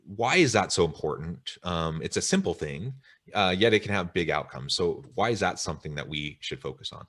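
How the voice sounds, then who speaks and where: Male webinar host, very deep voice, thoughtful and long-winded, on a video call. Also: animated, brisk, a bit bright. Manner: reflective, wordy, with filler ums. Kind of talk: interview chat.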